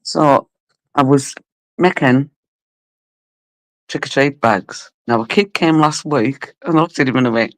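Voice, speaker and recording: A woman from Cumbria, hosting a casual live stream. Her voice is low and rough, and she chats bluntly, swears and laughs a lot while greeting viewers. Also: measured pace, long pauses, no room sound. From Cumbria, England. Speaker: livestream host.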